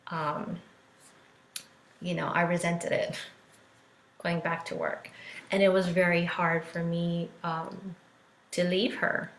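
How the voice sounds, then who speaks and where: Speaking slowly with long pauses, a woman in her thirties keeps a level tone and a fairly low pitch. She's a life coach chatting openly on a live stream, using many fillers and acting out others' words. Her phone or laptop recording has roomy echo plus a little hiss or hum.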